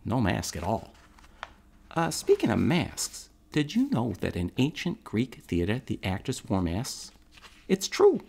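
A man's voice: medium pitch, wildly swooping pitch, a little slow, creaky, darkish tone, slightly rough, heavily acted. An actor playing a blunt, streetwise man with a Brooklyn accent, speaking to the audience in a chatty, direct theatrical monologue.

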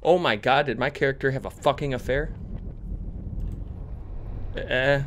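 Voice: mid-range voice, a little slow, slight background noise. A gamer commenting on a horror game, swearing constantly and breaking into screaming outbursts. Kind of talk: horror let's play commentary.

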